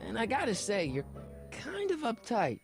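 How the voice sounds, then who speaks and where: A man's voice: very high voice, wildly swooping pitch, normal speed, creaky, music in the background, heavily acted. A man voicing a casual, blunt teenage boy in a video game.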